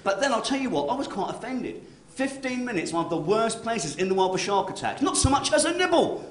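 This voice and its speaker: A man's voice: high voice, very animated, brisk. A man performing a stand-up comedy set on stage, chatty and constantly tagging his lines with "right?". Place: comedy club stage with live audience. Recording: roomy club recording.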